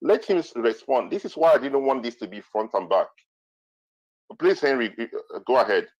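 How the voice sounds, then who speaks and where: A man moderating a heated online debate, repeatedly stepping in and pleading with the speakers to calm down. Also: mid-range voice, normal speed, slightly rough, no echo. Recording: dull lo-fi online audio.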